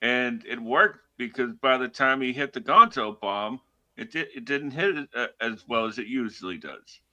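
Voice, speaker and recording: A man's voice: mid-range voice, expressive, normal speed, bright, forceful tone. A man co-hosting a wrestling podcast in casual chat, laid-back and hesitant with many fillers, laughing easily. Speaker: podcast co-host.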